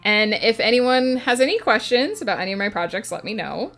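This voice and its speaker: A woman's voice: a little high, animated, fairly quick, a bit bright. Chatty woman streamer with faint music. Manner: chatty, reads and answers chat aloud with many fillers. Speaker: writing streamer. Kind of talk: casual live-stream chat.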